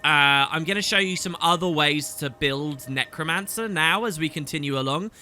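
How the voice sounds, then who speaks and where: A man in his thirties narrates his video game playthrough as a let's play host, chatty and full of enthusiasm. His bright, forceful voice moves at a moderate pace and swoops in pitch, with soft music playing behind him.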